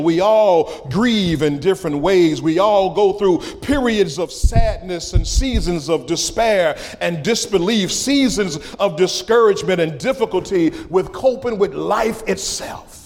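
A man preaching a sermon as a pastor, impassioned, rising into sung cries and dropping to hushed lines. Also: sits high, unhurried, big-room sound.

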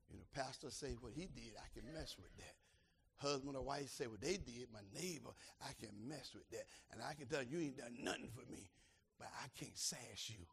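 An older man preaching a sermon as pastor, swinging from shouted climaxes to quiet, conversational asides. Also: medium pitch, animated, moderate pace, breathy edge.

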